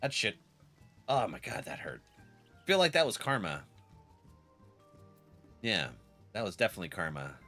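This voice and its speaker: A man's voice: fairly low pitch, sing-song, normal speed, long pauses, sharp tone, faint music behind. Laughing streamer man with a cold. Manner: rambling storyteller, laughs often. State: has a cold. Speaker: game streamer. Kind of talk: casual gaming stream chat.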